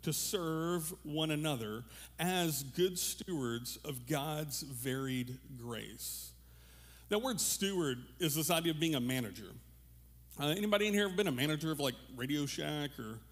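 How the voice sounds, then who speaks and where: A pastor giving a relaxed, conversational sermon to his congregation, joking with them and restarting his sentences often. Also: fairly high pitch. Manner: casual, animated, joking, many fillers and restarts. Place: church room with a congregation.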